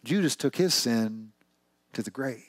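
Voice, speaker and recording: A man preaching a sermon to his church, telling the story in a conversational, animated way with lots of rhetorical questions. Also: medium pitch, a little slow, no room sound. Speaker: pastor.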